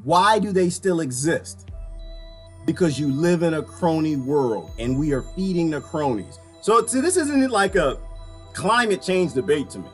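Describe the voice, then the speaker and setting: A man giving casual reaction commentary, animated and preachy, asking the same rhetorical questions again and again. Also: fairly high pitch, unhurried, faint music behind.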